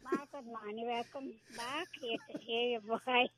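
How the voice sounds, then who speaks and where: A woman calling in to a radio show, giggly and halting as she chats. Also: fairly high pitch, steady tone, a bit bright. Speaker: caller. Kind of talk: casual call-in chat.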